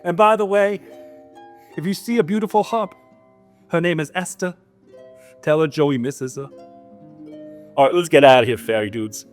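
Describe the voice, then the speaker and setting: A man's voice: on the high side, normal speed, long pauses, natural voice. A man playing a resentful male giant grumbles through his side of a storybook tale in a raised, squeezed-up voice, full of street-tough grammar and indignant questions. A little guitar plucks faintly behind him. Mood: indignant grumbling.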